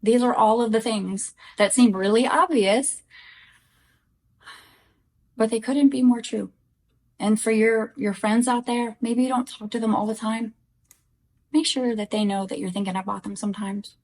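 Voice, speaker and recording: A woman's voice: on the high side, fairly even intonation, moderate pace, long pauses, darkish tone. A middle-aged woman speaking candidly and earnestly to her viewers in a personal vlog, direct and heartfelt. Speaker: widow sharing grief lessons.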